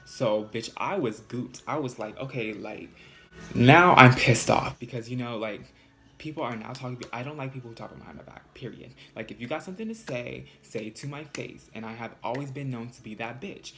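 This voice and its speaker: A man's voice: medium pitch, a little fast, over music. Sassy young man telling a storytime. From California. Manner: animated, sassy, swears freely. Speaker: vlogger. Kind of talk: casual storytime vlog.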